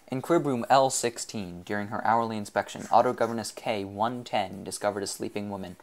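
A man reading a science fiction novel aloud in a steady, measured narration. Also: on the low side, creaky. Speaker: audiobook reader.

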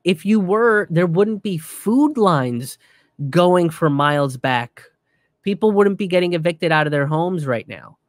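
A man giving a casual, profane commentary rant in an animated way. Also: high-pitched, a little slow, dry recording, clean studio sound.

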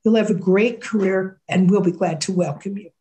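A woman's voice: medium pitch, normal speed, warm tone. A woman faculty panelist wrapping up her workshop talk over a video call in an encouraging, reassuring manner. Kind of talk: closing remarks of a workshop talk.

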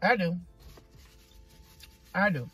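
This woman vlogger eats on camera in a parking spot outdoors, filming a casual, chatty mukbang on her phone. Her voice is fairly low, husky, and a bit bright, animated but slow, with faint music behind. She's folksy and keeps calling her viewers "y'all" and "child."

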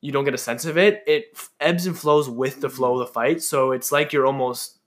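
A man's voice: medium pitch, fairly even intonation, a little fast, a little hiss or hum. Easygoing man chatting about movies. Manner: jokey, rambling, filler-heavy. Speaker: podcast co-host. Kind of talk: casual chat.

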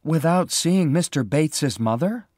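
A man's voice: fairly high pitch, expressive, unhurried, darkish tone, no room sound, clean studio sound, pitched above the performer's own voice. A man voicing a worried young woman who is searching for her missing sister, pleading and emotional.

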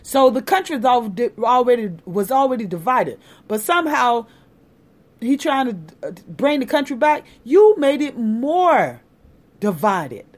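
Emphatic woman ranting, high lively voice. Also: measured pace. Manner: emphatic, sarcastic, repeats herself for effect. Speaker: vlogger. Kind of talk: impassioned political rant.

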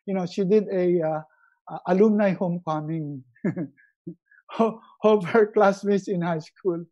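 A man giving a lively motivational webinar talk, repeating words for emphasis and swinging between loud and hushed delivery. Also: high voice, measured pace, muffled recording. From Philippines. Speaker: resiliency coach.

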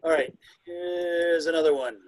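A man's voice: on the high side, measured pace, dry recording, poor audio. Chatty man giving a bird talk. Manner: imitates bird calls with hoots and whistles; chatty and self-deprecating. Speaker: presenter. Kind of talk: illustrated talk on bird songs.

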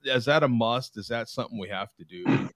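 A man from the United States hosting a casual video-call chat, talkative, laughing often and reading aloud in a halting way. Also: mid-range voice, fairly bright tone. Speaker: host.

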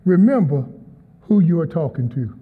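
A somewhat high, husky male voice with lively intonation and normal pacing preaches as a guest speaker. He is emphatic and draws responses from the congregation in a large church auditorium, where the recording comes out tinny with long reverb.

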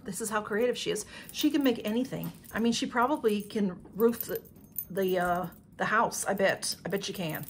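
A woman's voice: medium pitch, moderate pace, a little hiss or hum. A woman chatting casually to her camera as a vlogger, gushing with emotion and thanking over and over. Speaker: YouTube vlogger. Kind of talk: casual unboxing chat to camera.

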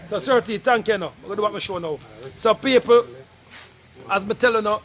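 Talking to camera in a casual way, a middle-aged Jamaican man makes an insistent, repetitive plea for donations, calling out to people again and again. He has a high, slightly bright voice and speaks briskly.

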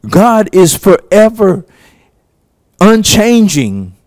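A man preaching a sermon, slow and emphatic, with long pauses between phrases. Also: high voice, big pitch swings, darkish tone, no room sound. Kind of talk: sermon teaching.

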